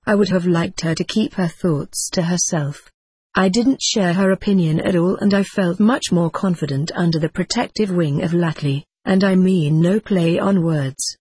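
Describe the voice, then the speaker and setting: Husky, dry-sounding audiobook narrator. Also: medium pitch, moderate pace, darkish tone, no echo. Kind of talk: first-person scripted narration.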